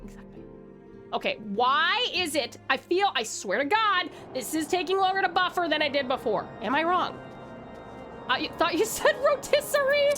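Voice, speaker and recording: A very high-voiced Australian woman talks at normal speed with big pitch swings during a casual live stream. Bubbly and chatty, she greets viewers with sweet nicknames over faint game music.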